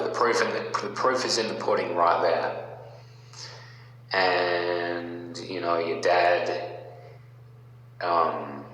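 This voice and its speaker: A man talking in a casual, mocking rant, halting with many fillers and restarts. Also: low voice, pushed and bright. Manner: mocking, taunting. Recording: very echoey room with long reverb and faint hum.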